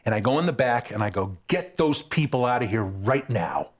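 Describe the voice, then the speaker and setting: A man's voice: medium pitch, moderate pace. A man, a stand-up comedian and guest, telling a road story and acting out the people in it. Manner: animated, acts out the people in his stories.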